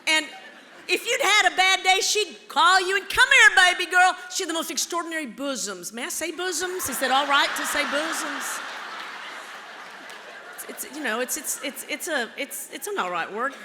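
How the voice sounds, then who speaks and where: Lively, playful woman storyteller on stage. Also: high-pitched, moderate pace, a little hiss or hum. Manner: theatrical, playful, teasing the audience. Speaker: keynote speaker, storyteller. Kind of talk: live storytelling keynote. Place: large auditorium. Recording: long auditorium reverb.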